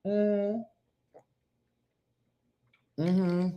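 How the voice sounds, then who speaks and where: On a live morning show, a woman tells stories in a chatty way, acting out quotes, laughing often and answering viewers by name as she reads comments. Her medium-pitched voice is flat and very slow, and the audio sounds dull.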